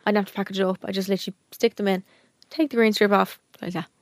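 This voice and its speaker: A woman's voice: medium pitch, steady tone, rapid-fire, no echo, clean studio sound. A young woman co-hosting a podcast in casual chat, also reading out sponsor lines. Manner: chatty, reads sponsor lines. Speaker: podcast co-host.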